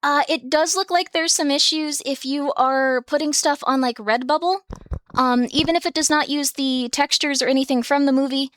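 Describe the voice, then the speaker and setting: Chatting casually on a live stream from her home room with her cats, a woman streamer speaks in a high, slightly bright voice at a moderate pace. She's giggly, rambling with lots of fillers and small laughs, and the studio sound is clean with no echo.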